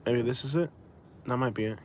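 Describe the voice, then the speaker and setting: A man's voice: medium pitch, brisk, darkish tone, a little hiss or hum. Rambling man chatting from his car. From Florida. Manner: rambling, self-correcting, chatty. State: tired with a migraine. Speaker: vlogger. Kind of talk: casual live-stream chat. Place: inside a vehicle.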